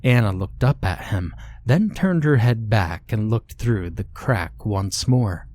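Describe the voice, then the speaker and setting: A man reading a horror story aloud in slow, measured scripted narration. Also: lowish voice, animated, a little mellow.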